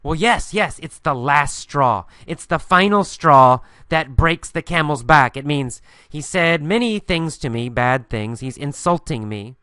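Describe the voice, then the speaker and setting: Male English teacher, bright crisp voice, patient and repetitive, close dry mic. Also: a little high, lively intonation, dry recording. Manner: slow, patient, repeats key phrases and answers his own questions. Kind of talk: English listening lesson with questions and answers.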